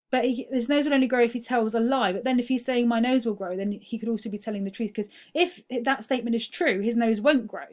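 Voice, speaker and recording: A woman teacher talking through quiz answers in a recorded feedback lesson, explaining step by step and often checking in with "okay?". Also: a little high.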